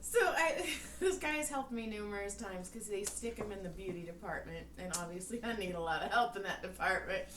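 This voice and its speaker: Speaking a little fast with hardly any pauses, a woman with a mid-range voice tells everyday stories as a podcast co-host. The chat is casual, and she laughs often like a giggly storyteller. Her mic is distant, the room echoey, and there's faint noise.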